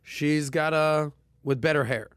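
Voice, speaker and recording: A man hosting a casual personal finance podcast, talking with punchy emphasis and lively asides. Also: fairly high pitch, unhurried, clear, resonant tone, no room sound, clean studio sound. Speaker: podcast host.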